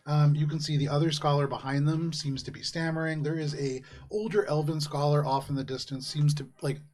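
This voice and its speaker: A man narrating a fantasy tabletop game as game master, relaxed and chuckling between descriptions. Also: on the high side, fairly quick. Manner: relaxed, with frequent ums and laughs.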